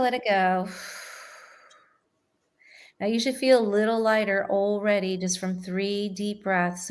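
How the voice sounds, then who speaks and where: A woman with a voice of middling pitch guides listeners through a slow breathing meditation. She gives calm, step-by-step instructions and often tags her lines with a quick "right?". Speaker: meditation teacher.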